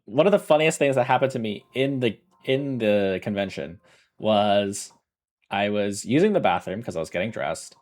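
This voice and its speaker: A man chatting casually on a livestream, rambling through a story, correcting himself often and laughing. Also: fairly low pitch. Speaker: streamer.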